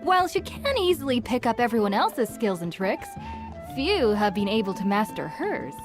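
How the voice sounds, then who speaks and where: Calm, explaining young woman. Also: a little high, normal speed, over music. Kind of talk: video game voice acting.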